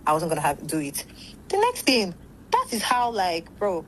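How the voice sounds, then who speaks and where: A woman's voice: on the low side, huge pitch swings, moderate pace, fairly bright tone, slight background noise, rough recording. A young woman telling a long gossip story in casual chat, rambling and blunt, swearing freely.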